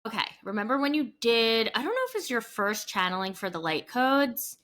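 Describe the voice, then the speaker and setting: Bright-voiced woman cohost chatting away on a podcast, says like a lot. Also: fairly high pitch, big pitch swings, a little fast. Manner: chatty, lots of "like" fillers. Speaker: podcast co-host. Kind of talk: casual chat.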